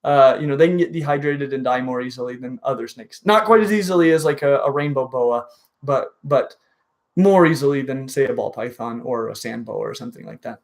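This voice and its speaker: A man hosting a casual reptile livestream, enthusiastic and full of halting restarts. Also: mid-range voice. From dry western region. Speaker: reptile show host.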